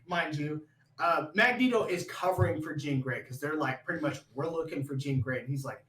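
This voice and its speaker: A man with a high, wildly swooping voice retells a film scene by scene, laughing and belting out the characters' lines. He sits in an echoey room with a faint hum behind him. The delivery is loose and profane. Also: normal speed. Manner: animated, laughing, acts out scenes with shouted quotes. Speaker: podcast co-host. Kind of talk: casual movie chat.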